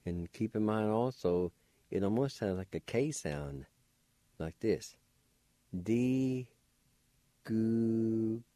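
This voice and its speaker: A slow, patient man teaching a radio language lesson. His voice sits a little low, and he spells each word out one syllable at a time. The sound is dry and close. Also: lively intonation, mellow, no room sound.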